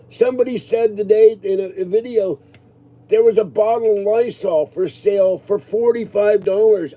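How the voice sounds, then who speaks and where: A man's voice: high-pitched, warm tone. A man in his sixties ranting casually to his viewers, agitated and rambling. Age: 60s. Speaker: livestreamer answering viewers.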